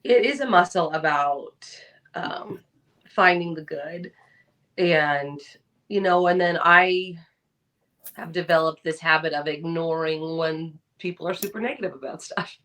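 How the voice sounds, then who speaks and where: Animated woman telling stories, slightly off-mic. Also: sits low, a little slow, recorded from a distance. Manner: animated storyteller, acts out quoted voices. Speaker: podcast co-host. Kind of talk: casual chat.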